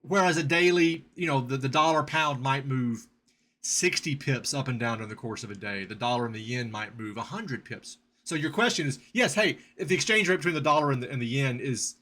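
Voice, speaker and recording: A man hosting a podcast, casually explaining trading basics in an animated, storytelling way. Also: mid-range voice, a little fast. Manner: storytelling, animated with sound effects and quoted voices.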